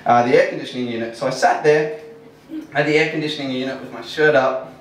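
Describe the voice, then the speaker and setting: Speaking fast with a medium pitch and fairly even intonation, a man shares a humorous story from his own life in front of an audience at a live storytelling venue. He keeps it casual, pokes fun at himself, and laughs as he goes; the sound comes from a distant mic in an echoey hall.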